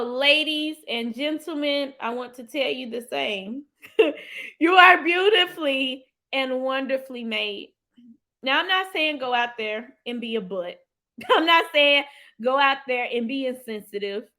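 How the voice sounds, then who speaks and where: A woman hosting a motivational live stream. She talks in an animated, heartfelt way, lets out sudden whoops and calls her viewers "y'all". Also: a little high, unhurried. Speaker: livestream host and financial coach.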